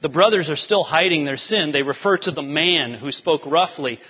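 A male pastor giving an animated sermon, swinging between soft, quiet lines and emphatic rises. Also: a little high, normal speed, slightly rough. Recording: dull sound with long hall reverb.

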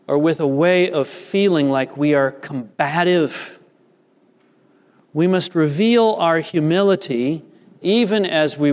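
A man preaching a sermon as a pastor, measured and deliberate, lifting his voice for emphasis. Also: on the high side, a little mellow. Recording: long reverb of a large hall.

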